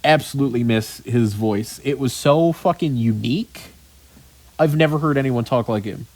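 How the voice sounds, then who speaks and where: A male podcast host chatting casually in a dry, close recording. He rambles, swears freely and fills his pauses with ums. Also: mid-range voice, darkish tone, dry recording. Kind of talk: casual chat.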